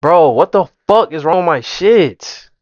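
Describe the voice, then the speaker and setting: A man's voice: fairly high pitch, expressive, unhurried, darkish tone, no room sound, dull audio. A man reacting on a livestream, making laid-back, casual asides with some swearing.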